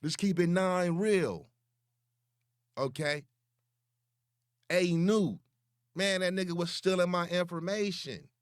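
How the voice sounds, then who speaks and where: A young man, ranting slowly and profanely as he calls someone out online, repeating words for emphasis. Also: high voice, no echo, clean studio sound. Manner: slow, taunting and profane. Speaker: online commentator. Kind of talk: confrontational call-out rant.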